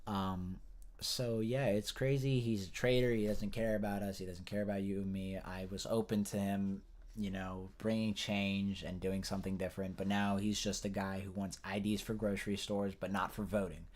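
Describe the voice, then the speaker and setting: A man with a fairly low voice delivers a casual news commentary rant. He rambles, swears freely and often stops to restart his sentences. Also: level tone, normal speed, darkish tone. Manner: rambling, profane, frequent restarts. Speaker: political commentator.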